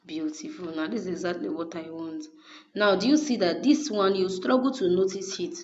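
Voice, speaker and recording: A woman teaches graphic design in a screen-recorded tutorial, going patiently step by step and repeatedly checking in with viewers by asking "okay?". Her voice is on the low side and darkish at a moderate pace, on a dull lo-fi recording.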